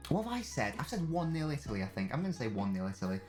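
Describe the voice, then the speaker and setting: Young male streamer, chatty and jokey, mid-pitched, faint music behind. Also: big pitch swings, very fast, a little mellow. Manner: chatty, jokey, reads chat aloud. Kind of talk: casual live-stream chat.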